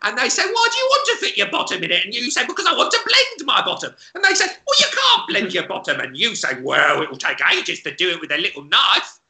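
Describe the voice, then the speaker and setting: A man's voice: high voice, wildly swooping pitch, fast talker, hardly any pauses, bright, forceful tone, echoey room, heavily acted. A man voicing a cackling old crone woman who hurls silly curses, swinging between cooing and snapping over a video call. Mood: cackling, cursing. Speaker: comedy club co-host. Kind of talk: improvised comic character bit.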